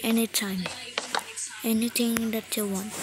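Slow, apologetic woman. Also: a little high, flat delivery. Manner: halting and apologetic, step-by-step instructions. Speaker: gaming tutorial maker. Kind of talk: slow game tutorial voice-over. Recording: loud background noise.

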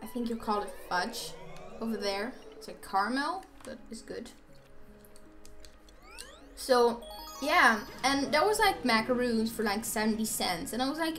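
High, lively young woman gaming. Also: measured pace, pauses often. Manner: chatty, rambling, bursts into squeals and laughs. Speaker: let's play gamer. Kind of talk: casual gameplay commentary. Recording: faint game music behind.

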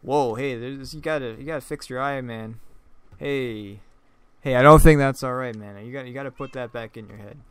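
A man talks over his gameplay in a loose, joking way, often laughing at himself and tripping over his words. His voice is smooth and clear, at a middling pitch. The recording is dry and close. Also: normal speed, a bit bright, no echo. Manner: repeats and stumbles over words. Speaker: gaming YouTuber. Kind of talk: casual gameplay commentary.

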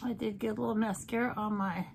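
A woman's voice: mid-range voice, fairly even intonation, fast talker, gravelly, a little hiss or hum. A woman chatting through a makeup tutorial, playful and talkative, with jokey asides. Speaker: beauty vlogger. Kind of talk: casual makeup tutorial chat.

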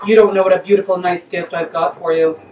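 A woman's voice: lowish voice, steady tone, fast talker, darkish tone, roomy sound, distant mic, slight background noise, close to an everyday voice. A woman voicing a theatrical, lovestruck villain mastermind, pleading and gushing to his beloved at a live story reading.

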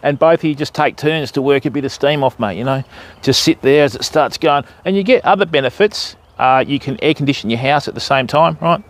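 An Australian man hosts a fishing livestream outdoors beside a river, his mid-range voice moving a little fast. He chats casually, jokes around, and greets viewers by name.

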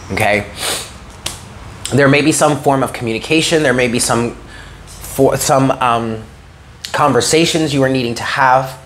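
Speaking at a normal pace, a man reads tarot cards in a mid-range, fairly bright voice while a little hiss or hum sits underneath. He encourages the listener earnestly and frequently pauses to ask "okay?"

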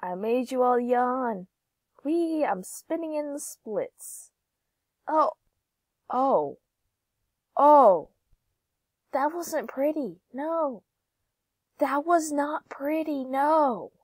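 Giggly high-voiced young woman gamer. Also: lively intonation, extremely slow, pauses often, no echo. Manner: giggly, playful, drifts into sing-song and whispers. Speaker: gaming YouTuber. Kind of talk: casual gameplay commentary.

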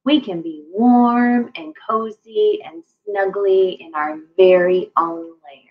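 Animated woman reading a picture book. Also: mid-range voice, lo-fi sound. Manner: animated, playful, talks to young kids. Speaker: children's librarian.

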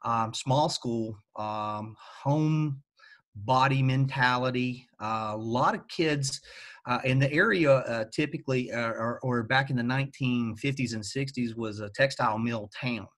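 A man with a Southern Appalachian accent answering interview questions at a halting pace, with lots of fillers. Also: mid-range voice, a bit bright. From western North Carolina. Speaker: guest, teacher.

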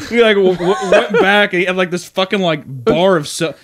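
A young man on a podcast, telling a long story in a rambling, animated way, full of fillers and laughing as he acts out the other people in it. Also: high-pitched, fairly quick, no room sound, studio quality. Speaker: podcast co-host. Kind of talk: casual storytelling chat.

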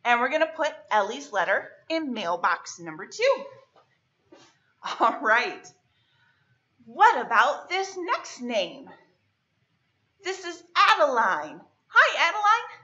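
A woman librarian leading a children's storytime lesson, speaking in a cheerful sing-song teacher voice and slowly drawing out words as she claps their syllables. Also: on the high side, very animated, pushed and bright, lo-fi sound. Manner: slow, exaggerated clapping of syllables.

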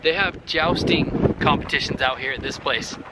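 A man's voice: a little high, moderate pace, heavy background noise. A man, a family vlogger and dad, chatting playfully to the animals as he films outdoors on a farm with a handheld camera. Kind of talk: casual vlog narration. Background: music.

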